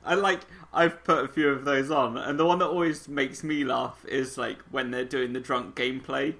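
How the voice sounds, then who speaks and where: A man's voice: mid-range voice, fairly even intonation, moderate pace, vocal fry, fairly bright tone. A man hosting a podcast in casual chat, mostly giving short agreeing replies and easygoing questions. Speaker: podcast host.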